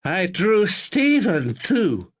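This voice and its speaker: A man's voice: sits high, wildly swooping pitch, extremely slow, breathy edge, pitched above the performer's own voice, full character voice. A man voicing an eager, childlike young man with a strange, muffled voice.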